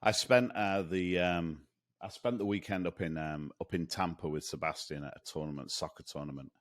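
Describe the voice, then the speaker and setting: A man co-hosting a sales podcast in casual chat, rambling and animated, with many restarts. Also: low voice, normal speed. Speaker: podcast co-host.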